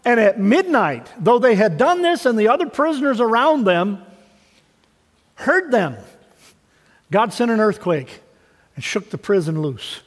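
A man's voice: sits high, fairly bright tone. A man preaching a sermon as pastor, in a conversational way full of homespun stories. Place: church sanctuary. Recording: long reverb of a large hall.

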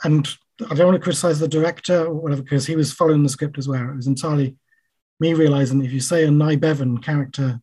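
Man, husky, fairly high voice, halting, lots of ums and restarts, self-deprecating writer. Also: steady tone, warm tone. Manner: halting, frequent fillers and restarts. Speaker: writer guest. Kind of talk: casual interview talk.

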